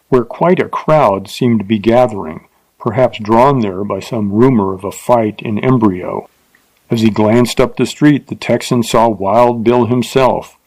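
A man reading a Western adventure story aloud in a steady, dramatic narration. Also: fairly low pitch, dry recording, low-quality recording. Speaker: audiobook narrator.

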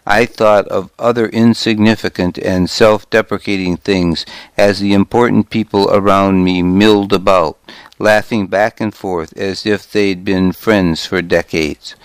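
Deep, slow, calm male reader. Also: clear, resonant tone, no room sound. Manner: calm, steady reading. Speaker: volunteer reader. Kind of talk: audiobook narration.

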